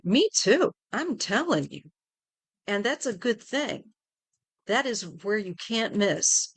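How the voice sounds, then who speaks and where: A middle-aged woman hosting a live tarot stream, chatting gently and rambling with many fillers. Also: medium pitch, no room sound. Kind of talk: casual live-stream chat.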